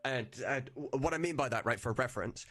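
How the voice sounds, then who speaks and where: A man's voice: medium pitch, quick pace, bright, forceful tone. A man who hosts a live stream and creates mods, explaining his plans in casual chat with restarts and chuckles. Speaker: mod creator, host.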